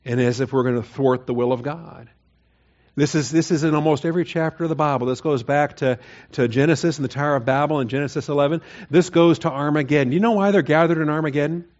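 A man's voice: a little high, fast talker, darkish tone, muffled recording. A man preaching a Bible sermon in a conversational way, rising to emphatic, mocking quotes of the people. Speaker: pastor. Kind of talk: expository sermon.

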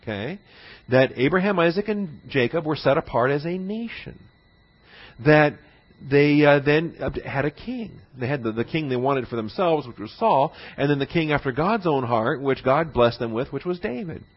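A man's voice: a little high, lively intonation, normal speed. A man teaching a Bible class in a conversational lecture, often checking in with his listeners. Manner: conversational, checks in often with "all right?" and "see?". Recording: dull lo-fi recording.

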